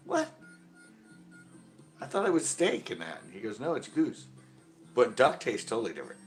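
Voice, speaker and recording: A middle-aged man hosting a casual live stream, rambling through anecdotes, laughing and loudly acting out other people's lines. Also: fairly low pitch. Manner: rambling storyteller, acts out quotes loudly and laughs often. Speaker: host of a fishing channel livestream.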